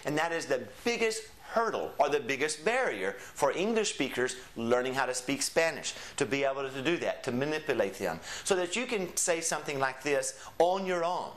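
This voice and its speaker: A man talks through what his Spanish course covers, dropping in example phrases. His voice sits somewhat high for a man and swings widely in pitch. He keeps a chatty, explanatory teaching tone. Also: sing-song, moderate pace, hardly any pauses, fairly bright tone. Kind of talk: promotional course lesson.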